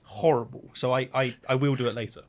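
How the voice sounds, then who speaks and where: A young man co-hosting a casual chat, sarcastic and quick to laugh. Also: medium pitch, fairly even intonation. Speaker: co-host.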